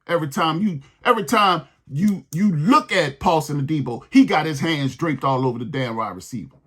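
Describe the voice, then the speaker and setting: A man's voice: on the high side, lively intonation, brisk, a bit bright, slightly rough. A man hosting a sports podcast, ranting in a heated, exasperated way and repeating his points.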